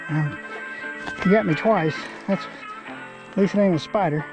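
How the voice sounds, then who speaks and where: Folksy high-voiced fishing vlogger man. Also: normal speed, music in the background. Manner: folksy, talks to the fish. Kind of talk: casual outdoor fishing commentary. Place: outdoors by a creek.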